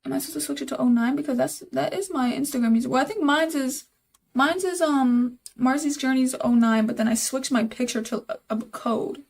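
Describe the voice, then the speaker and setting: A woman's voice: high voice, a little fast, vocal fry, a little mellow. A young woman live-streaming while she codes, thinking aloud, repeating herself, and talking to her chat in casual, easily exasperated chatter.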